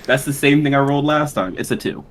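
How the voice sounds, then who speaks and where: A man playing in a tabletop role-playing game, talking in a casual, drawn-out way and laughing easily. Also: medium pitch, expressive, rough recording. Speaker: player.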